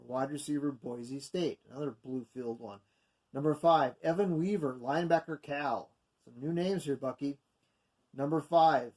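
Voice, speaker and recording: A man's voice: fairly high pitch, a little mellow. A man casually going through mock draft picks from his notes, rambling with many fillers and self-corrections. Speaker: video host going over mock drafts. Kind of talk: casual unscripted commentary.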